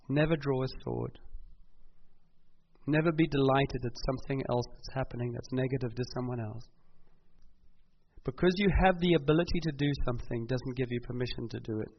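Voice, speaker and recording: A man's voice: medium pitch, fairly quick, slightly rough. A middle-aged man, a pastor from South Africa, preaching a sermon earnestly and building to emphatic passages. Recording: slightly dull recording with faint noise.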